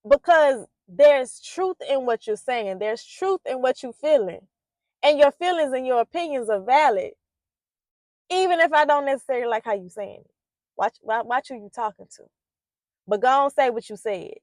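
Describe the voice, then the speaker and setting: Earnest higher-voiced woman, dry sound. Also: animated, normal speed, no echo. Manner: earnest and heartfelt, loose with many fillers and restarts; grows emphatic and loud when making her points. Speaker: poet and parenting vlogger. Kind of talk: reflective monologue to camera.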